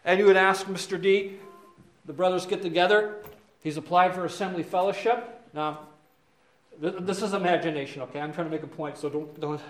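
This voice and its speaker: A male preacher teaching verse by verse, chatty and checking in with "okay?". His voice sits high. The sound echoes around a roomy space. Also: fairly even intonation, brisk. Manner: conversational, asks "okay?" often, many fillers. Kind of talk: expository sermon, verse by verse.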